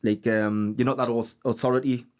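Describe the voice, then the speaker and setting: A man, a podcast guest speaking casually in a halting, hesitant way. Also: medium pitch, little pitch movement, darkish tone. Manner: halting, many fillers and restarts. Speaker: guest who works with kids. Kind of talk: casual chat.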